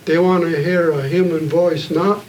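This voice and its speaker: A man addresses a gathered audience in an earnest, plain-spoken way, pausing often between thoughts. His voice sits a little high for a man. The mic is set well away from him, with a soft hum of room noise underneath. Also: steady tone, far from the mic, poor audio. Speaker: panel speaker at a community evening. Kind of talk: heartfelt public storytelling.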